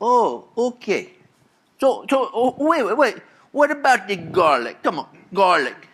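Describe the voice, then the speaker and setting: A man's voice: high-pitched, huge pitch swings, unhurried, fairly bright tone, slightly rough, voice pushed up, full character voice. A man voicing an eager young son who keeps pestering his mother with insistent questions, in a raised voice.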